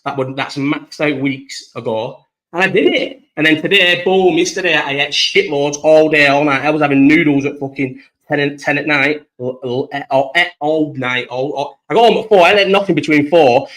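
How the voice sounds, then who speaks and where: A man's voice: medium pitch, a bit bright, rough recording. A man hosting a casual live-chat podcast, telling rambling stories and swearing freely. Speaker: podcast host.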